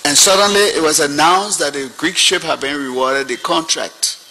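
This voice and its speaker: A man's voice: on the high side, moderate pace, bright, forceful tone, a little hiss or hum, low-quality recording. An older man with a Liberian English accent telling a story as a witness at a hearing, animating the people he quotes. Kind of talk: storytelling testimony.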